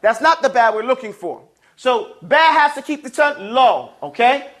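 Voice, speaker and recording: With big swings in his very high, slightly bright voice, a man teaches Arabic and recitation at a moderate pace. He explains patiently in the classroom, calling out words for the students to repeat one by one.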